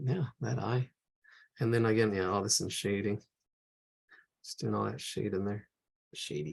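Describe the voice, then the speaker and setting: A man's voice: mid-range voice, gravelly, a little mellow, slightly rough. A man thinking aloud and rambling as he leads a live drawing lesson. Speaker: art instructor.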